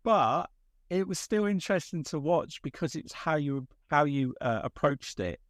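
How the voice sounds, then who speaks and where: A man hosting a podcast, rambling through animated stories and acting out quotes in casual chat. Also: a little high, moderate pace, no echo, clean studio sound. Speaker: podcast host.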